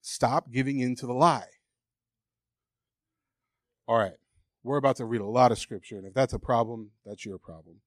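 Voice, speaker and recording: A man delivers a sermon with emphatic, candid conviction, sometimes slowing right down to stress a point. His voice sits at a middle pitch and sounds dry and close to the mic. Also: steady tone, no echo. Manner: emphatic, candid, acts out mocking inner voices. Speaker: preacher.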